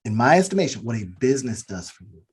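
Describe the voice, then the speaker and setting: A man's voice: medium pitch, big pitch swings, fast, slight background noise. A man co-hosting a business podcast, giving an earnest motivational talk that keeps repeating its key phrases. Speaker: podcast co-host.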